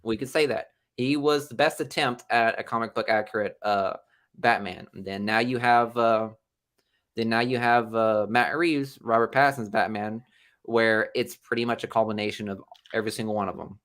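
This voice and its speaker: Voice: medium pitch, normal speed. A podcast co-host in casual chat, rambling with many fillers and restarts. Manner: rambling, filler-heavy, jokes with loud excited outbursts.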